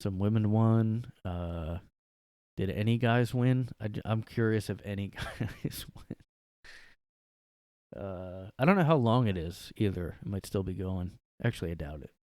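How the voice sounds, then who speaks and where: A man's voice: lowish voice, a little slow, a little mellow, no room sound, clean studio sound. A man hosting a solo podcast from his room, rambling sarcastically and saying "like" a lot. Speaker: podcast host. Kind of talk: casual solo podcast rant. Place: his bedroom.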